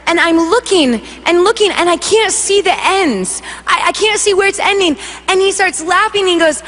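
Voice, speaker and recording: A young woman giving a testimony to a congregation, telling her story with lively acted-out voices and frequent laughter. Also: very high-pitched, moderate pace, few pauses, background noise. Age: young adult. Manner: animated storytelling, acts out voices, laughs often. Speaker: worship leader giving testimony. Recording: long hall reverb.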